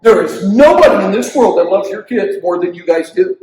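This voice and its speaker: An older man teaching parents as a pastor, animated and acting out quotes from children and parents, in a church hall. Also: high-pitched, brisk, distant mic. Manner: animated preacher who acts out quotes of kids and parents. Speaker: pastor leading a parenting session.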